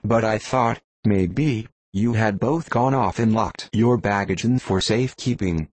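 A man's voice: lowish voice, a little slow, darkish tone, slightly rough, no echo. A man voicing a flustered young female chambermaid in an audiobook reading, breathless and exclamatory. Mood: alarmed.

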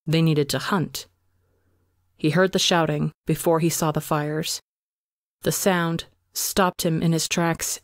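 A woman narrating a fan story aloud for a podcast in a measured, dramatic storytelling manner. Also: sits low, no echo, studio quality. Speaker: podcast reader.

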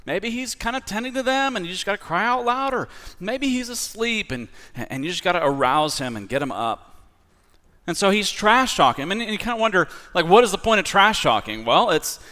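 A man preaching a sermon as pastor. He talks in a conversational, animated way, telling the story with everyday fillers. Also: mid-range voice, smooth. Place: church sanctuary. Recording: long reverb of a large hall.

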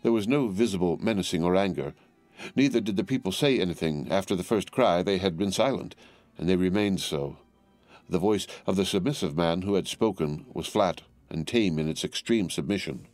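A man narrating a classic novel as an audiobook in a measured, formal storytelling manner. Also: sits low, darkish tone, no echo, faint music behind.

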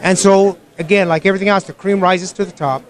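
A man being interviewed as a guest, a film director telling lively stories about his career. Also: high voice. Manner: animated storyteller, quick to laugh. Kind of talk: casual interview.

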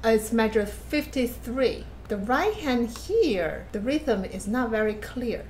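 Higher-voiced woman teaching piano. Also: lively intonation, slow. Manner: patient, plain instructive phrasing, hums and counts passages aloud. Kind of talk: masterclass feedback on a recorded performance. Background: piano playing.

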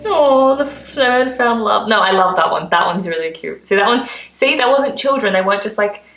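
A woman's voice: mid-range voice, animated, normal speed, fairly bright tone, reverberant, rough recording. A woman with an Australian accent, a vlogger chatting and gushing as she reacts to adverts. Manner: chatty and gushing, full of "like" fillers. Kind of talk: casual reaction commentary.

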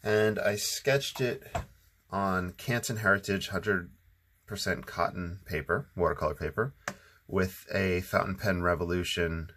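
A man with a very low voice talks casually through a watercolor session at home. He rambles a little, fills pauses with ums and sounds like he has only just woken up. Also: a little hiss or hum. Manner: relaxed, rambling, many ums. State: sleepy, just waking up. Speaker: watercolor channel host. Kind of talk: casual painting tutorial narration.

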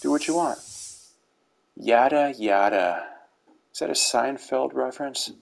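Over gameplay footage, this middle-aged YouTuber gives casual commentary on game rewards, his humor dry and dad-joke flavored. He talks fairly quickly in a mid-range voice with fairly even intonation and some vocal fry. Faint background music plays under a low-quality recording.

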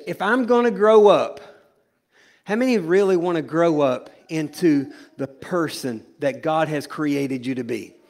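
A male pastor's slightly high voice carries through the church sanctuary as he preaches. He alternates between loud, stretched-out declarations and hushed, humorous asides to the congregation.

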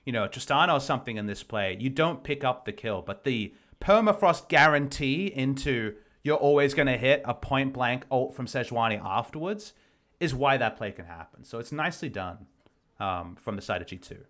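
Guy doing esports vod review, pitch bouncing all over, talks through plays. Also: normal speed. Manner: animated analytical explaining. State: losing his voice. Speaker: esports analyst. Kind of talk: game review commentary.

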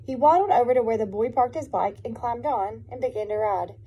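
A woman, a preschool teacher, reading a picture book aloud to young children in a gentle, encouraging, expressive way. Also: on the high side, fairly quick, husky, highs cut off.

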